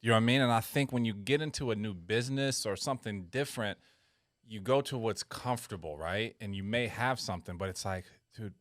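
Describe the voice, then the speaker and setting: Lower-voiced man, coaching host. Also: brisk, no echo, studio quality. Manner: animated, coaching tone, asks "does that make sense?". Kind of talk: casual talk.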